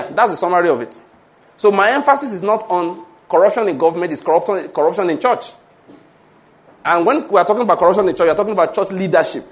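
High-voiced Nigerian preacher. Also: male voice. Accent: Nigerian English. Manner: animated preaching with rhetorical questions and call-and-response. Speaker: pastor. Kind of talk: sermon.

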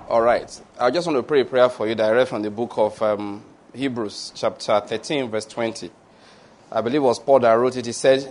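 A man preaching a sermon and leading prayer, animated and often laughing as he acts out little dialogues, then pronouncing blessings line by line for the congregation to answer. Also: medium pitch, a little fast. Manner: call-and-response blessings. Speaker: pastor.

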